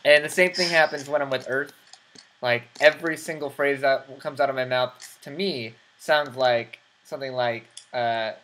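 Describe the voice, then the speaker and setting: Chatty, laughing American host. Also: male voice, mid-range voice, steady tone, normal speed, fairly bright tone. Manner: chatty, laughs a lot, rambling asides. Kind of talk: casual interview chat. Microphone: computer mic over a voice call.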